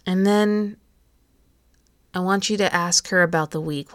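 A woman in her thirties talks the listener through a self-help exercise, gentle and coaching. Her voice sits a little low, and the sound is close and dry with no room around it. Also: fairly even intonation, unhurried, no room sound. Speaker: podcast host. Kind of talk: encouraging self-help talk.

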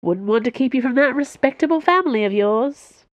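A woman's voice: high voice, animated, brisk, dry recording, muffled recording, pitched above the performer's own voice. A woman voicing a sarcastic female rogue. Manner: sarcastic, commanding. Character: sarcastic scarred female rogue, cool and mocking.

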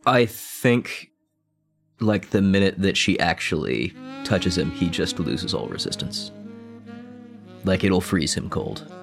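A man with a very deep voice plays a tabletop horror game, talking in a halting way with lots of fillers. Music plays clearly behind him. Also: big pitch swings. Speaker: player. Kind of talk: tabletop role-play.

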